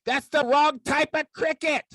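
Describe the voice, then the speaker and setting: A man's voice: very high voice, fairly even intonation, measured pace, fairly bright tone, no echo, studio quality, voice pushed up. A man giving voice to a cheeky, rude male puppet that keeps interrupting and teasing. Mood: confused.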